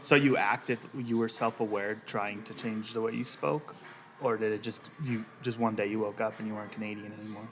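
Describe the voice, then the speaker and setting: A man's voice: lowish voice, steady tone, fairly quick, a bit bright. Upbeat podcast host man over music. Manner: jokey, upbeat, direct questions. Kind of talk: casual interview chat. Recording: music playing underneath.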